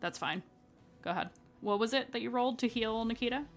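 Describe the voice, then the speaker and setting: A woman's voice: fairly high pitch, a little fast, faint music behind. A woman acting as dungeon master of a tabletop game, explaining rulings and checking in with her players in a friendly, casual way.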